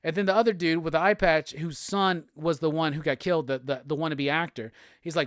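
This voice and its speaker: A male podcast host recapping a comic book in a casual, excitable way, swearing freely. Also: a little high, a little fast, few pauses, dry recording, studio quality. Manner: profane, excitable storytelling.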